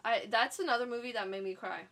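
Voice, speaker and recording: A woman's voice: on the high side, fast talker, pushed and bright. A woman co-hosting a podcast, chatting about movies and admitting which films made her cry. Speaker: podcast co-host. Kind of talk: casual chat about movies.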